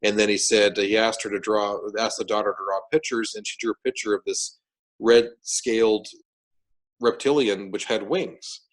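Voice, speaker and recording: Animated man with a low voice. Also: moderate pace, poor audio. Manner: animated, repeats words and restarts sentences while retelling events. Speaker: interview guest. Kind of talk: casual storytelling interview.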